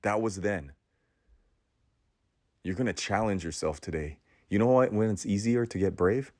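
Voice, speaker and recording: A man who is a podcast host, delivering a preachy motivational monologue in a sermon-like cadence, with dramatic pauses, repeated phrases and stammering restarts. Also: fairly low pitch, a little mellow, no room sound, clean studio sound.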